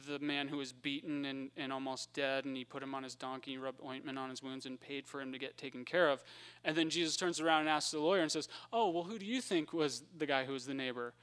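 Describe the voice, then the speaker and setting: A man preaching a conversational Bible-teaching sermon, acting out the characters in quick voices. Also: mid-range voice, fairly bright tone, clear, resonant tone.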